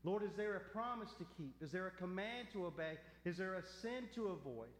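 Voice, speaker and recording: A man, a pastor, preaching a sermon and leading a closing prayer, earnest and slowing down to stress key words. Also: high voice, animated. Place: church sanctuary. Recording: echoey hall with faint hum.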